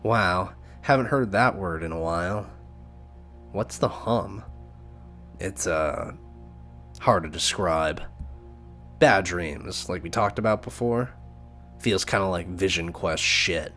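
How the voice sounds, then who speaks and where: A man reading a visual novel aloud, narrating and adding relaxed side comments. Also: deep voice, slow pace, pauses often, faint music behind. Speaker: game narrator and player.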